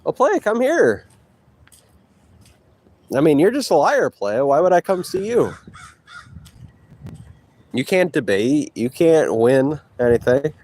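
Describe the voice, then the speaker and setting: A man's voice: a little high, very animated, a little slow, long pauses, darkish tone, a little hiss or hum. A man vlogging outdoors while walking, taunting and boasting at a rival through a handheld phone. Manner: taunting, boastful, talks to a rival between breaths. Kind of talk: trash-talking walk vlog. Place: outdoors on a walk.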